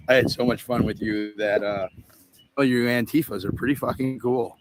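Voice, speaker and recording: A man's voice: medium pitch, fairly even intonation, normal speed, a little hiss or hum. A man hosting a livestream in a casual, rambling, profane way, telling stories and laughing at his own jokes. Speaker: livestream host. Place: outdoor event setup with a tent.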